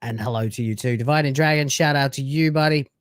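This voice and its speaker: A man's voice: mid-range voice, fast talker, no echo, studio quality. A man hosting a live stream, chatting casually with brash, sarcastic, crude banter.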